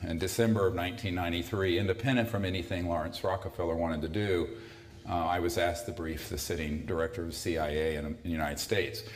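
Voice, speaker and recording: A man's voice: low voice, fairly even intonation, fast, a little hiss or hum. A man in his sixties giving a conversational public talk to a live audience, with dry sardonic asides. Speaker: lecturer. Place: lecture hall. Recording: echoey hall.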